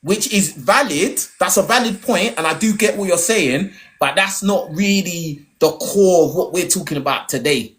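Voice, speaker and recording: A man's voice: sits high, normal speed, hardly any pauses, a bit bright. A man hosting a live online debate, talking in slang and often repeating words. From Nigerian heritage, raised in London. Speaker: debate host.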